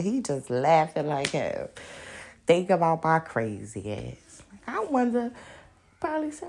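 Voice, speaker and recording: Husky, gravelly woman talking bluntly. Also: on the low side, moderate pace. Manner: blunt and profane, laughing often; animated storyteller. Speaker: podcast host. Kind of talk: casual monologue.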